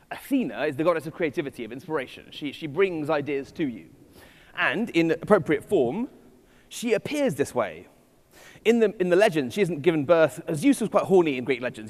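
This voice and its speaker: Witty man giving a keynote. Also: a little high. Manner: witty, digressive, self-deprecating. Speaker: conference speaker. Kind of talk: keynote talk. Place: conference hall. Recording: hall reverb from stage.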